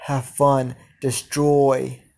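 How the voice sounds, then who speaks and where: A man voicing a villainous girl who speaks in a slow, flat, robotic way in a spoken fan story. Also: medium pitch, gravelly. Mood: cold.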